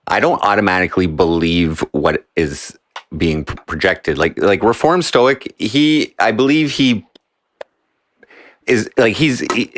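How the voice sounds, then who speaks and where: A man hosting a live stream, chatting loosely with guests and his chat, often halting and restarting. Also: low-pitched, fairly bright tone. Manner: rambling, halting, talks to chat. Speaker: stream host.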